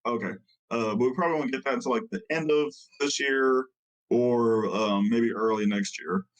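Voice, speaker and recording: A man's voice: mid-range voice, moderate pace, rough recording. Guy on a card podcast rambling thru his news, lots of ums and likes. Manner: loose and rambling, lots of fillers. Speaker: podcast co-host giving card game news. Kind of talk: casual podcast chat.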